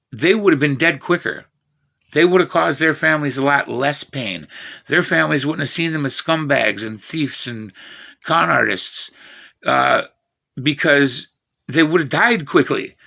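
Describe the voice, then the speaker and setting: A man's voice: mid-range voice, gravelly, bright, forceful tone. A man in his fifties telling rambling personal stories in a profane, boastful, meandering way. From Washington State, USA. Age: 50s. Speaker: vlogger.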